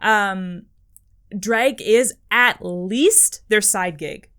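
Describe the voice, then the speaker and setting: A woman's voice: mid-range voice, extremely slow, a bit bright, clear, resonant tone. A woman co-hosting a podcast in casual chat, rambling with lots of fillers. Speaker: podcast co-host.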